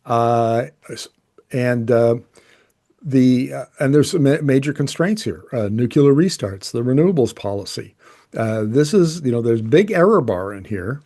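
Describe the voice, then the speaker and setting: A man delivers explanatory commentary as an energy journalist, in a mid-pitched, mellow voice. He speaks casually and with strong opinions, often breaking off and restarting his sentences as he works through the data. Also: animated, unhurried.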